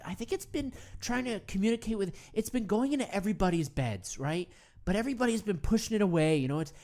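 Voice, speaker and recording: A woman's voice: mid-range voice, a little mellow, natural voice. A woman playing a rambling, earnest male self-help guru hosting a comedy meditation show, full of stammered restarts. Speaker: host. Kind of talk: improvised comedy monologue.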